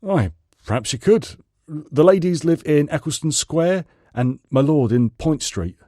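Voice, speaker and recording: A worried working chauffeur, loud and fretful, respectful to his lord, his voice pitched up from the narrator's own, as a man acts him out. The read is dry and close-miked. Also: expressive, unhurried, no echo. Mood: deferential. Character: anxious male chauffeur, worried, deferential.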